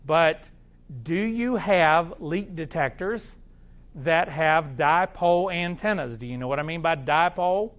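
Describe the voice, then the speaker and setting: A man with an Oklahoma accent gives a live seminar to a crowd, talking in a folksy, animated way and throwing questions at the room. His voice sits high for a man. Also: a little slow. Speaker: seminar speaker.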